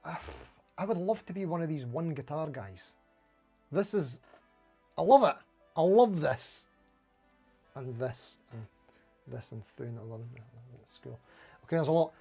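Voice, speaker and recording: A man's voice: on the high side, expressive, moderate pace, pauses often, dark tone, slightly rough, soft background music. A man hosting a casual livestream, greeting viewers by name and reading out their comments in a chatty, friendly way, often saying "mate" and "anywho". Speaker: livestream host.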